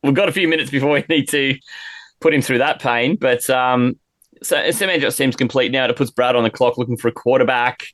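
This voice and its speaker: A man's voice: medium pitch, brisk, a bit bright, no echo. An Australian man hosting a podcast fantasy draft, brash and teasing, swearing freely in casual banter.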